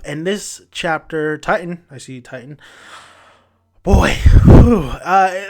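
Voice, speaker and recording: A man with a fairly high-pitched voice talks through a review in a loose, casual way. He is energetic and excitable, and he restarts and trails off as he goes. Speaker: manga reviewer.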